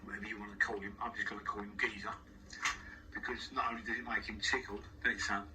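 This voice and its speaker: A man's voice: lowish voice, little pitch movement, racing, far from the mic, very noisy. A man with a London accent, talking frankly as an interview guest in a studio, rambling with many restarts. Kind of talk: casual spoken monologue. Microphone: wearing headphones.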